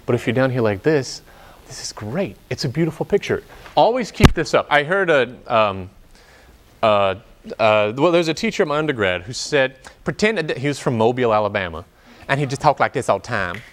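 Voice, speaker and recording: A man's voice: mid-range voice, expressive, fairly quick, slight background noise. A man coaching singers in an opera workshop rehearsal, chatty and joking, drifting into stories as he explains. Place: rehearsal room.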